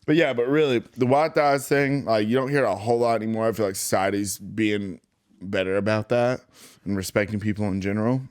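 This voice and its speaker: A man's voice: lowish voice, fairly even intonation, brisk, clean tone, dry recording, clean studio sound. A man in casual podcast chat who laughs often and talks freely.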